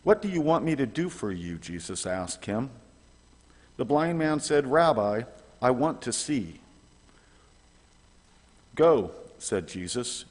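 A man reading scripture aloud in church, halting and stumbling over names. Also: mid-range voice, darkish tone. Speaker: scripture reader. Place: large church sanctuary. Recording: long church reverb.

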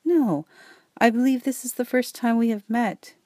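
Woman reading as a sweet, gentle old lady in her nineties. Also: fairly high pitch, no room sound, pitched above the performer's own voice, close to an everyday voice. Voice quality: sweet, mellifluous voice. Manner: slow, gentle and doting. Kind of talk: audiobook reading.

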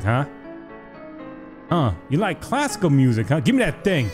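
A gaming YouTuber with a high, animated voice talks a little slowly through his let's play of a horror game, with game music behind him. The young man is jumpy and keeps ribbing the baby character with mock insults.

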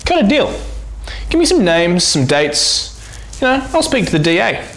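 A man's voice: sits high, sing-song, normal speed, a bit bright, heavily acted. An actor playing a blustering policeman who grills a silent suspect in a mock-tough, theatrical way. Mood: stern. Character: blustering male cop interrogating a silent suspect. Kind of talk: comedy web-series acting. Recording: echoey room with faint noise.

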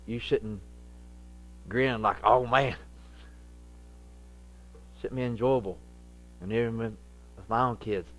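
A middle-aged male pastor preaching a sermon, lively and acting out the voices he quotes. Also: medium pitch, poor audio. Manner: animated, acts out quoted voices.

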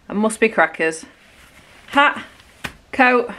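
A British woman vlogging at home, chatting straight to her viewers in a relaxed way. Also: medium pitch, normal speed. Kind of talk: casual home vlog.

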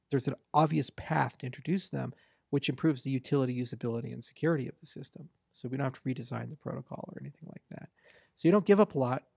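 A man's voice: mid-range voice, gravelly, a little mellow, husky, dry recording, clean studio sound. A man giving a confident, discursive interview answer in a casual tone, sometimes mimicking other people to make his point. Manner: fast, confident, discursive, mimics voters for effect. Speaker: interview guest, blockchain founder.

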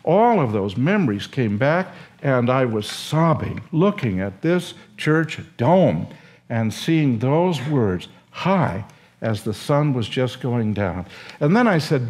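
An older man, a seminary professor, telling a story and lecturing in an animated, emotional way with acted quotes. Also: mid-range voice, takes it slowly.

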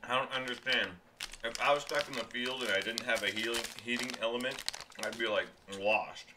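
A man's voice: mid-range voice, fairly quick, background noise. A man casually reviewing food on a stream, rambling and chatty, often talking while he chews.

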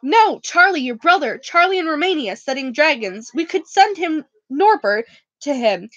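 A woman reading as a young schoolboy wizard, urgent and pleading as he argues his case. The voice is high and close on a dry, muffled lo-fi recording. A storybook reading. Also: sing-song, moderate pace, fairly bright tone, dry recording. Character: eleven-year-old schoolboy wizard, urgent and worried.

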